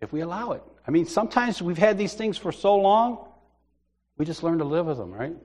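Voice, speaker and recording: A man's voice: sits high, lively intonation, moderate pace, a little mellow. A man preaching a sermon, telling a comic personal story, acting out other people's voices and laughing often.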